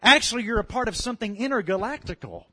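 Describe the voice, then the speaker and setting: Southern preacher, man, tenor range, animated sermon delivery. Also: high voice, fast, husky. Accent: Louisiana Southern US. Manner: animated, swells to loud calls of "come on" and "amen".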